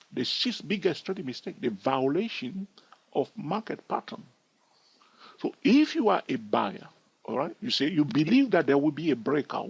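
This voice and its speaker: A man's voice: fairly high pitch, slightly rough, lo-fi sound. A man teaching trading over a chart, explaining step by step and often checking in with "all right?". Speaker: trading educator.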